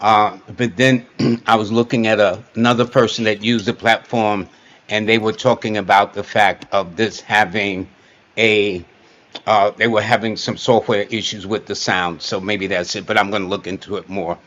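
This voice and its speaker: A man's voice: lowish voice, fairly even intonation, normal speed, fairly bright tone. A man hosting an interview and talking with his guest in a plain, matter-of-fact way. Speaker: host. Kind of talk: casual interview chat.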